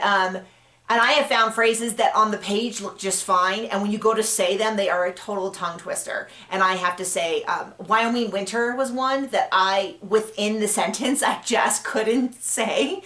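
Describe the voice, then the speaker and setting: Woman, author, casual advice talk, chatty, self-correcting, mid pitch, roomy echo. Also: fairly bright tone.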